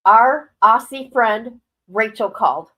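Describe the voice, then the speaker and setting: A woman's voice: on the high side, animated, slow pace, pushed and bright, low-quality recording. A middle-aged woman chatting casually on a live stream as a commentator, rambling and emotional, often breaking into exclamations.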